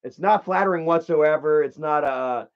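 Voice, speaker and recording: A high-voiced man rambles through a story on his live stream, swearing freely and stumbling over restarts. His loud quoted outbursts cut through muffled, lo-fi audio. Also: normal speed. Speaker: livestreamer.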